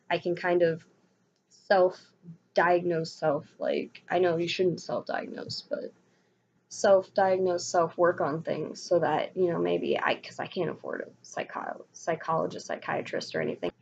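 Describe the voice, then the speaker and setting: Young woman vlogger, low gravelly voice, rambling and frustrated rant, dull lo-fi recording. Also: a little mellow. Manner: frustrated, rambling, with many restarts. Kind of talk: casual ranting monologue. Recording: dull lo-fi sound with faint noise.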